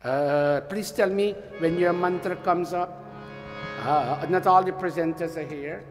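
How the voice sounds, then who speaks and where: A man leading a temple workshop, lecturing in an animated, teasing way and having the audience repeat lines after him. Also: sits high, unhurried, big-room sound, faint music behind. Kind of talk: interactive sermon-style lecture. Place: temple hall.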